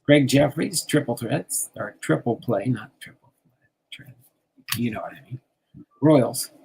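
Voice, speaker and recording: An older man from New Jersey hosting a relaxed chat, reading out card names and laughing often. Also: mid-range voice, slow, vocal fry, long pauses, breathy edge. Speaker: host sorting baseball cards on a stream. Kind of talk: casual chat.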